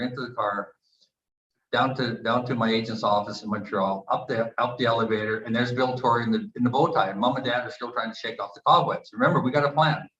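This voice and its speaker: Storytelling Canadian man in his sixties. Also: medium pitch. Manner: animated anecdotes with acted quotes. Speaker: retired hockey player and author. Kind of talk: storytelling at a book event. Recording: echoey, dull room recording.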